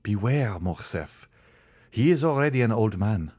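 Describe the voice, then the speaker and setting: A man voicing a calm, cautious young friend. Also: on the low side. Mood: cautioning. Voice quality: calm, restraining, measured.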